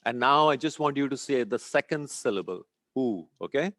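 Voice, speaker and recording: Calm man leading an Om chant lesson. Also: medium pitch, brisk, no room sound. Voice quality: sweating, a little warm. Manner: calm, instructive, checks in often with "okay?". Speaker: meditation teacher. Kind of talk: guided breathing and chanting lesson.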